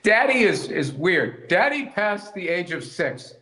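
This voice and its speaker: A man rambles and jokes through casual podcast banter, his voice bright and forceful with a slightly high pitch. The room around him rings with echo. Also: measured pace. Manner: rambling, animated, jokey with bursts of laughter. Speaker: podcast co-host.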